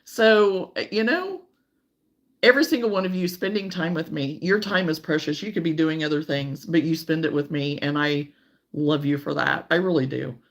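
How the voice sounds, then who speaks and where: A woman's voice: low-pitched, normal speed. Woman doing a crochet live chat, thanking viewers, reading comments out, kinda teary. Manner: warm, emotional, reads viewer comments aloud. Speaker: crochet livestream host. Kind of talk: casual livestream chat.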